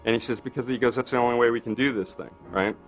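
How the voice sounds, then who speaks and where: A man's voice: medium pitch, quick pace, soft background music. A man in an interview telling anecdotes animatedly, acting out quoted dialogue with many fillers. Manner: animated, acts out quoted dialogue, frequent "you know". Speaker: interviewee recalling film work. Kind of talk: anecdotal storytelling.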